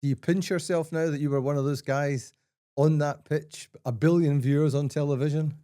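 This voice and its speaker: A man with a mellow, darker voice hosts a casual chat. He slips in dry one-liners between his questions. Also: on the high side, fairly even intonation, moderate pace, smooth. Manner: dry wisecracks, steers the questions. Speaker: podcast host.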